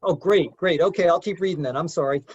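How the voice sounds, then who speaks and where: High-voiced man leading a hesitant lecture. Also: quick pace, husky, dry recording. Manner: hesitant, with many fillers. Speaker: discussion leader. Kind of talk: conversational lecture. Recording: dull lo-fi dry sound.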